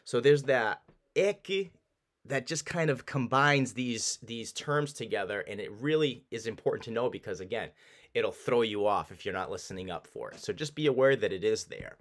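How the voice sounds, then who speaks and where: In a low-leaning voice, a man gives an informal language lesson, restarting his explanations in a relaxed way. He repeats the example phrases slowly.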